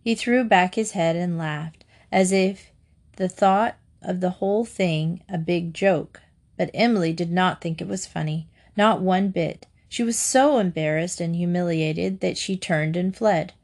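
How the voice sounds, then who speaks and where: A woman reading a children's book aloud in a slow, even narration. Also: on the low side.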